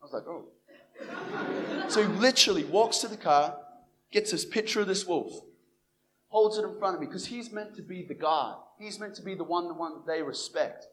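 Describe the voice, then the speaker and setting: Speaking at a normal speed in a high-pitched voice, with slight background noise behind him, a young man gives his personal faith testimony. The Christian evangelist is animated and acts out the dialogue he quotes.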